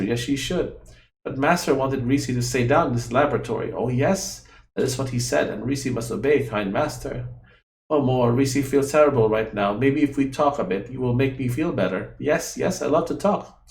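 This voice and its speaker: A man's voice: mid-range voice, vocal fry, darkish tone, reverberant, close to an everyday voice. A man voicing a fretful childlike female guardian. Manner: talks about herself in the third person, broken grammar.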